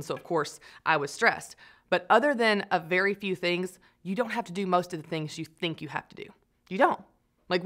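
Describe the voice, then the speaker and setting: A woman's voice: fairly low pitch, fairly bright tone. A woman, giving a chatty, encouraging webinar talk and acting out spiraling thoughts.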